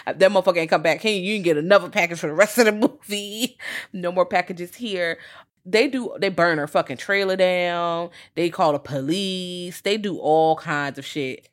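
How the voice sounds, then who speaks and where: A woman co-hosting a podcast in casual film chat, talking in a profane, lively way. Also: lowish voice, normal speed. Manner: profane, lively, acts out quotes in character. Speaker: podcast co-host.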